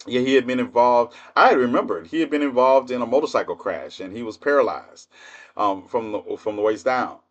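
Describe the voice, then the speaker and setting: A man's voice: mid-range voice, fairly quick, highs cut off. A man in his fifties hosting a livestream, telling stories in a blunt, profane, laughing way. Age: 50s. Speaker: livestream host. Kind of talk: casual storytelling monologue.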